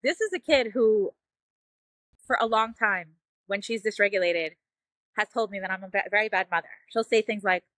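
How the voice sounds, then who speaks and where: A woman's voice: mid-range voice, moderate pace, pauses often, fairly bright tone, dry recording. A woman telling a heartfelt personal story as a mother on a parenting show, earnest and emotional, often saying "like" and "you know.".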